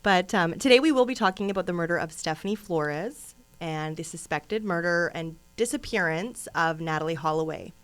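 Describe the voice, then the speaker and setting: A woman's voice: lowish voice, moderate pace, smooth. Chatty woman co-hosting a true crime podcast. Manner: chatty, laughs often, rambling asides. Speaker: podcast co-host. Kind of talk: casual true crime chat.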